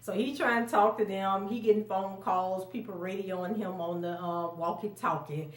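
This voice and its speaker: A woman's voice: medium pitch, fairly even intonation, moderate pace. A woman recapping a TV episode in a casual, chatty way, laughing often and acting out quotes in a raised voice. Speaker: TV recap vlogger. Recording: roomy echo, mic at a distance.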